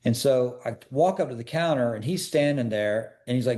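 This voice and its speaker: A man with a medium-pitched, dark voice talks fairly quickly with few pauses as a podcast guest. A personal security expert, he tells stories in a casual interview, earnest and emphatic, pressing listeners with repeated questions.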